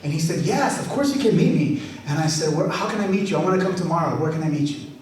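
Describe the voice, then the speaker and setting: A man's voice: fairly high pitch, quick pace. Author guy telling a story to a crowd, super chatty, sounds far off in a big echoey room with a bit of hiss. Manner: animated, chatty, leads the crowd in call-and-response. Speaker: author giving a reading. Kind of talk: lively storytelling to a live audience. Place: event hall with an audience. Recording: very echoey hall, far from mic, faint hiss.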